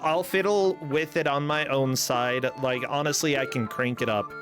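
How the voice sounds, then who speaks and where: A man's voice: mid-range voice, normal speed, music in the background. A man co-hosting a live game stream in an easygoing, chatty way, thanking viewers for their support. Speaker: stream co-host. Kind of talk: casual live-stream chat.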